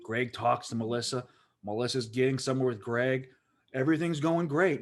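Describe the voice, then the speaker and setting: A man's voice: mid-range voice, normal speed. A man with a Pittsburgh accent, co-hosting a podcast and telling a long, rambling story full of "like" fillers. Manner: rambling, animated, lots of "like" fillers. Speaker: podcast co-host. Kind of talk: casual storytelling chat.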